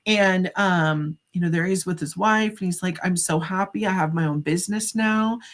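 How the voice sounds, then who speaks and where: With a lowish voice at normal speed, a middle-aged psychic medium tells a story as a podcast guest. She gets animated, performing the quoted dialogue, and her speech is full of casual fillers like "like."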